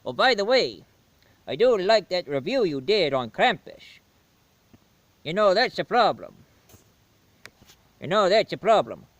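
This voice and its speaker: A man voicing a jolly, booming Santa Claus with a mock Swedish accent and a hearty ho-ho laugh in a comedy sketch. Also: very animated, measured pace, long pauses, a bit bright, dry recording, highs cut off, full character voice. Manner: hearty, rambling, jokey.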